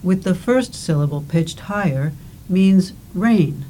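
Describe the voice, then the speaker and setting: Woman narrator for a language course: slow, careful, slightly low, warm delivery. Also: lively intonation, rough recording. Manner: slow, deliberate, careful enunciation. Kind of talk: scripted instructional narration.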